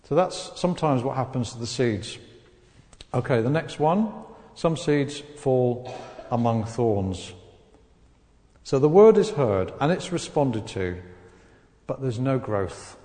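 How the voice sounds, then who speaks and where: A man preaching to a congregation, acting out the voices of the people in his story with real animation. His voice is mellow and dark in tone, and it rings with the long reverb of a large church hall. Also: medium pitch, expressive, takes it slowly, pauses often. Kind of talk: sermon.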